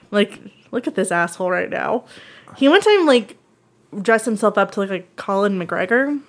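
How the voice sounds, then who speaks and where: A woman's voice: medium pitch, normal speed. A woman in casual podcast chat, telling a dating story, acting out quotes and swearing freely. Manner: animated, swearing, acts out quotes.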